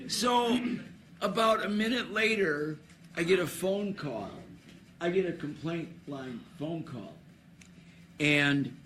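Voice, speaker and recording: A man with a slightly high voice tells a loose, rambling story into a microphone at an awards ceremony for a trivia contest. He keeps laughing and restarting his sentences. A faint hum of the hall stays in the background. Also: a bit bright.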